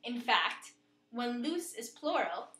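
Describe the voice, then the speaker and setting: A woman narrating a scripted lesson in a clear, steady way, slowing down to spell out and pronounce words. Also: fairly high pitch, roomy sound, soft background music. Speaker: teacher.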